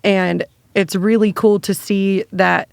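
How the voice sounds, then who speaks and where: A woman's voice: medium pitch, steady tone, takes it slowly, gravelly, clean tone, no echo. A woman chatting as a podcast guest, talkative and enthusiastic, with lots of "like". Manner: chatty, heavy use of "like", enthusiastic. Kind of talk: casual chat.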